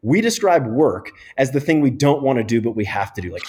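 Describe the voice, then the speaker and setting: A middle-aged man, a physiotherapist guest on a podcast interview, explaining in an animated and emphatic way. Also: medium pitch, fairly quick, slight background noise.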